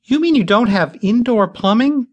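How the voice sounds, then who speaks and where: A squeaky, anxious young woman who whines and pleads, pitched far above an ordinary speaking voice, as a male narrator puts her on. Her voice swoops with lively, animated rises between complaints. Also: moderate pace, lo-fi sound. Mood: distressed. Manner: whiny, high-pitched pleading.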